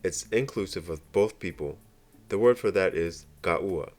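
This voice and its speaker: A man narrating a scripted beginner language lesson, explaining slowly and carefully with example phrases. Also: low voice, faint music behind. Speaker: language teacher.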